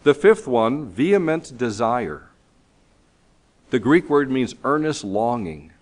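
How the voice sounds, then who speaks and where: A man's voice: mid-range voice, sing-song, slow pace. A man preaching a sermon in an earnest, emphatic way, reading scripture aloud, his voice still recovering from being lost.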